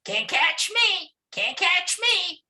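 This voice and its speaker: Guy doing a squeaky little monkey voice, teasing and singsongy. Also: very animated, takes it slowly, bright, forceful tone, heavily acted. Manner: taunting, sing-song. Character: small cheeky teasing monkey.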